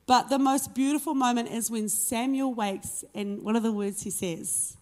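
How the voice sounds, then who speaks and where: A woman's voice: fairly high pitch, normal speed, hardly any pauses, darkish tone. Earnest woman preacher, conversational sermon. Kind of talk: sermon with scripture reading.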